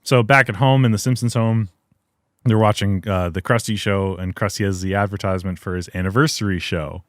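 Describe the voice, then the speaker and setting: A man's voice: fairly low pitch, fairly even intonation, a little fast, no room sound, studio quality. A man casually recapping an episode as a podcast host, rambling with lots of fillers and laughs. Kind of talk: casual chat.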